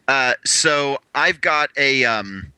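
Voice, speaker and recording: A man's voice: medium pitch, animated, takes it slowly, bright, forceful tone, clean tone, dry recording. A male co-host living in Southern California, rambling casually with many fillers. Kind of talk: podcast chat.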